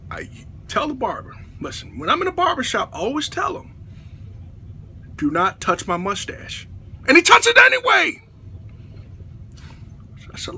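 A man delivering a profane, exasperated comedic rant to camera as a vlogger, often bursting into shouts. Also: very high-pitched.

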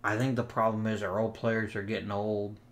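Playing a sports management game for his gaming channel, a young man gives let's play commentary, weighing trades and roster moves out loud. When his virtual players complain, he fires back sarcastically. His fairly low voice moves little in pitch, and he talks briskly.

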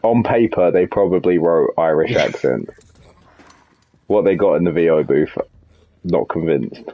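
His deep voice, at a normal speed and in lo-fi sound, delivers casual, sardonic commentary as he streams a co-op shooter. He swears freely at the game between bits of party chat.

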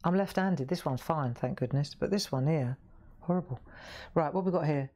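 Chatty low-voiced woman craft host. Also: normal speed, warm tone. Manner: chatty, asks viewers questions, laughs often. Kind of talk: live coloring demonstration.

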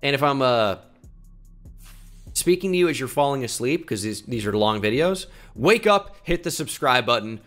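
A man's voice: medium pitch, expressive, normal speed, a bit bright, faint music behind. A young man giving casual, profane, joking commentary while playing a video game. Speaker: gaming YouTuber.

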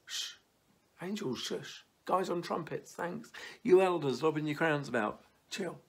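A man plays God as a fond father, softly shushing the angels and trumpets so he can hear his child. The voice rises a little above the speaker's usual pitch and stays quiet and hushed. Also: a little slow, gravelly, slightly rough, exaggerated voice. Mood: fond, hushing. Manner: soft, hushing, lightly joking. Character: God as a fond father hushing all of heaven.

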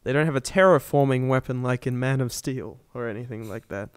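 A man's voice: mid-range voice, a little fast, smooth, dry recording, studio quality. A man co-hosting a podcast, talking casually and enthusiastically about a movie, swearing and laughing now and then. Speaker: podcast co-host.

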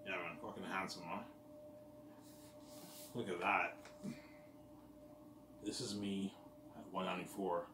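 Male vlogger, deep-ish voice, rambling profane monologue; roomy echo, faint ambient noise. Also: level tone, unhurried, pauses often, distant mic. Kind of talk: casual rambling monologue to viewers.

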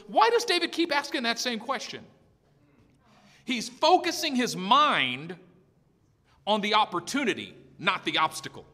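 Pastor guy preaching with punchy repetition, bright high voice, echoey church hall. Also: sing-song, measured pace. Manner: emphatic, storytelling, repetitive. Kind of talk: sermon.

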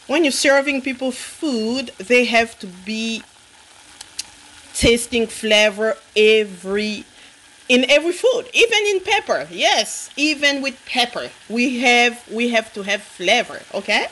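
Over the sound of frying, a woman vlogger casually demonstrates a dish, teasing her viewers sassily, calling them honey, and repeating "okay?" Her voice is a little high, expressive, unhurried and fairly bright, on a low-quality recording.

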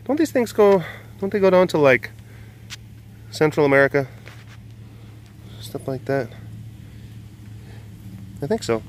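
A man's voice: a little high, sing-song, unhurried, long pauses, a little hiss or hum. Man, big cat keeper, casual vlog, outdoors, phone mic, jokey, coos at animals. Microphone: handheld phone.

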